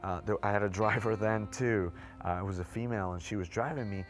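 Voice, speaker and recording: A man telling his personal testimony in a fast, unscripted way, with many fillers and restarts. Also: fairly low pitch. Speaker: testimony speaker. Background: background music.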